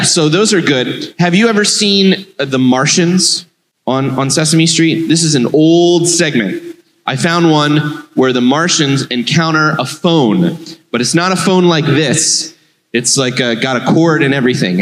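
A man's voice: on the high side, fairly bright tone. A man, a rabbi, giving a playful children's sermon and asking the children questions. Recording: long hall reverb.

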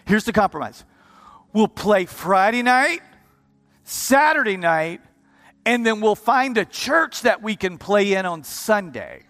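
High-voiced preacher in a reverberant hall. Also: male voice, big pitch swings, takes it slowly, fairly bright tone. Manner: impassioned, repeats words, restarts in bursts. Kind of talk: sermon testimony storytelling. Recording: long hall reverb with music underneath. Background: live keyboard music.

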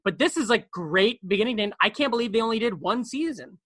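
A man's voice: high-pitched, lively intonation, a bit bright, dry recording. A man co-hosting a podcast from his bedroom, rambling and joking in casual chat, often repeating words. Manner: rambling, jokey, talks fast and repeats words. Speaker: podcast co-host. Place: bedroom at home.

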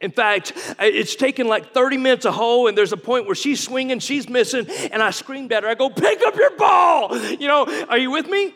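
A man's voice: extremely high pitch, brisk, hardly any pauses, fairly bright tone. A man in his forties, a guest pastor, preaching in a folksy, conversational way and asking the congregation questions. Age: 40s. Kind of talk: sermon. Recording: long reverb of a large hall.

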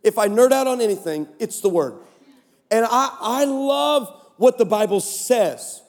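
High-voiced animated man preaching. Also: measured pace. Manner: animated storytelling, comic voices, rising to shouts. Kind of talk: sermon. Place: large conference hall stage. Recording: echoey conference hall.

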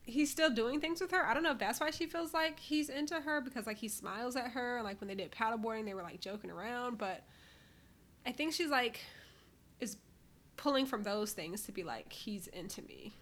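A woman's voice: a little high, a little fast. A woman co-hosting a casual podcast, talking through a reality show and acting out what she would say. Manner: animated, acts out what she'd say in quotes. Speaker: podcast co-host. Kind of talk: casual chat.

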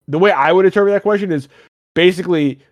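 A man's voice: high voice, fast, dry recording, highs cut off. A man hosting a podcast, chatting casually in a rambling, joking way and swearing often. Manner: rambling, swears a lot, jokey asides. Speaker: podcast host.

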